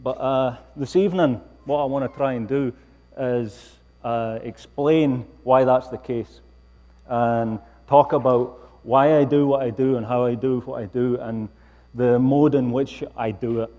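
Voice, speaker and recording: A Scottish man gives a lecture in a wry, self-mocking tone. His voice sits at an ordinary middle pitch. It carries a long reverb from a large hall. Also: fairly even intonation, a little slow, warm tone, highs cut off. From Scotland. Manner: wry, self-deprecating humor. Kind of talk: public lecture.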